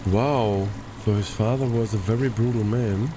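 A man's voice: lowish voice, moderate pace, background noise. A man giving casual let's play commentary, chatty and muttering asides to himself.

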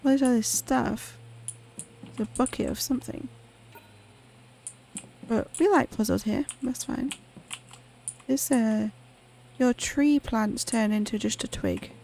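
A woman talks casually through a horror game, reacting aloud as she plays. Her voice is fairly high with a gravelly fry running through it. She keeps up a chatty stream of remarks. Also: takes it slowly, long pauses, dark tone, a little hiss or hum. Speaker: gaming channel host. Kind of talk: casual let's-play commentary.

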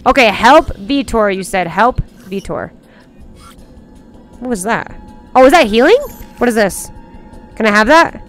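A bubbly young woman chats with viewers while she plays a game, her high voice leaping up and down. She gasps and jokes constantly, and faint game music sits under her talk. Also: expressive, measured pace, pauses often. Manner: bubbly, gasping, playful chatter with viewers. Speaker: streamer. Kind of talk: live game streaming chat.

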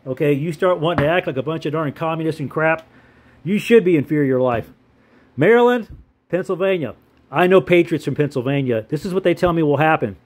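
Older male veteran, casual map commentary, slightly high pitch, chuckles and asks questions. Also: a little fast, a little mellow. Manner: chatty, rhetorical questions, chuckling asides.

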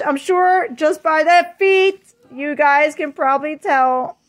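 A woman's voice: high voice, takes it slowly. A woman filming a casual unboxing vlog on her phone at home, chatty and gushing, with lots of fillers and apologies. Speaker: vlogger.

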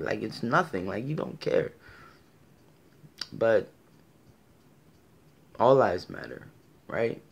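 A man delivering a passionate, argumentative opinion monologue full of rhetorical questions. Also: medium pitch. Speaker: commentator giving his opinion.

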